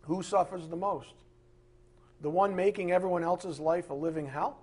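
A middle-aged man preaching with a husky voice, firing off rhetorical questions and swinging from loud outbursts to hushed asides. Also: sits high, fairly even intonation, normal speed. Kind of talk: sermon.

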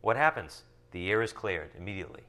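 A man teaching from the Bible, reading verses slowly and then explaining them in casual asides full of rhetorical questions. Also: on the low side, lively intonation, sharp tone. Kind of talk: sermon teaching from scripture.

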